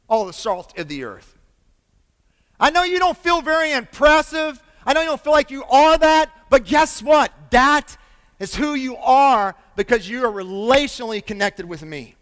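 A man preaches, his voice sitting unusually high for a man. He is animated and emphatic, drawing his congregation in with questions and calls for amens. The sound carries a long reverb, as from a large church hall. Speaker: pastor. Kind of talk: sermon.

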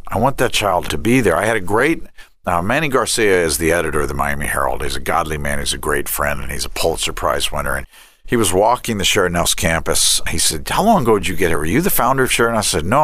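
A middle-aged man, a family ministry director and counselor, talks about faith and parenting in an interview, telling lively stories and acting out the dialogue. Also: low-pitched, no echo. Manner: animated storyteller who acts out quoted dialogue.

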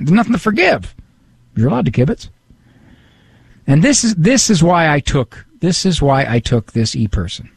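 A man's voice: fairly high pitch, very animated, moderate pace, gravelly, pauses often, husky, dry recording. A man hosting a radio talk show in a studio, chatting casually and reading listener emails aloud with a self-deprecating humor.

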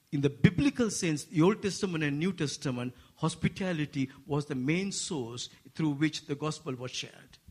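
Male preacher, Asian-accented English, husky, voice a touch high, climbs higher when stressing points, jokes with the crowd. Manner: rising to animated, high-pitched emphasis; playful asides with the congregation. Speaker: guest preacher. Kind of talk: sermon.

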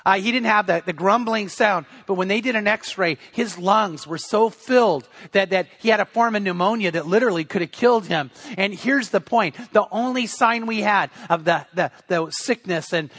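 A middle-aged male pastor with a high voice preaches a sermon and tells stories like he is chatting. He often stumbles and restarts his sentences. The sound is dry and close. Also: fairly bright tone, no echo. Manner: storytelling, conversational with frequent restarts.

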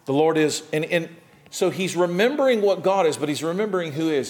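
A man preaching a sermon as pastor, animated, with dramatic swings in loudness and emphasis. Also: fairly high pitch, brisk.

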